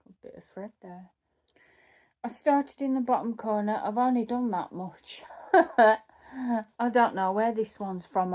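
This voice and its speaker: Woman, casual craft vlog chat, unhurried, warm dark tone, self-correcting. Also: medium pitch. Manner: chatty, thinking aloud, self-correcting. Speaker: cross-stitch vlogger. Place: home.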